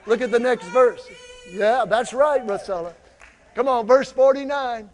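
A male pastor preaching a lively sermon in a church, drawing the congregation into call-and-response. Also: extremely high pitch, measured pace, in a large hall. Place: church sanctuary.

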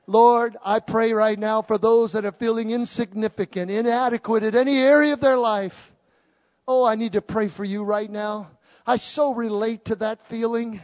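Speaking in a high voice, a man preaches to a church congregation with real passion, alternating between booming statements and softer, hushed moments.

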